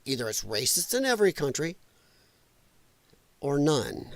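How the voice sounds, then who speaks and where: A man's voice: fairly high pitch, big pitch swings, measured pace, gravelly, no room sound. Blunt, sarcastic male livestream host. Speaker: podcast host. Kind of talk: livestream commentary.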